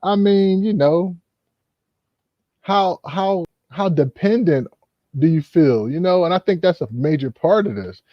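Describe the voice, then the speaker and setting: A man's voice: high-pitched, unhurried, dry recording. A man hosting a casual commentary, rambling with many fillers. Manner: rambling, full of "you know" fillers. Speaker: host. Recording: dull, lo-fi.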